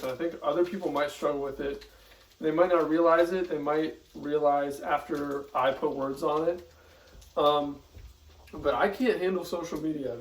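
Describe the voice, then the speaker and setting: A man's voice: on the high side, far from the mic. Tearful young man rambling in a roomy kitchen. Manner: rambling, emotional, many fillers and restarts. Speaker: vlogger. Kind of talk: casual confessional monologue. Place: home kitchen.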